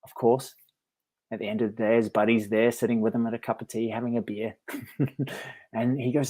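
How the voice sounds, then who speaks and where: A man with a middle-pitched voice, talking casually to camera as a meditation teacher. He tells a parable in a friendly, reflective way, chuckling often and restarting his phrases. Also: flat delivery, moderate pace, a little mellow. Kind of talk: casual storytelling vlog.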